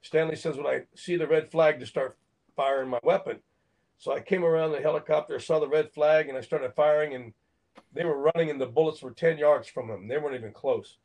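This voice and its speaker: A man's voice: fairly high pitch, fairly quick, darkish tone, rough recording. An older man from Phoenix, an actor, telling a story in an interview, acting out quotes and laughing between lines. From Phoenix, Arizona, USA. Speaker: actor and guest.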